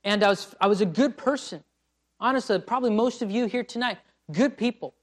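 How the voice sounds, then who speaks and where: A man preaching a sermon as a missionary, swinging between loud pleading cries and quiet, low passages. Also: brisk. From United States. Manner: impassioned, rising to pleading cries and dropping to quiet.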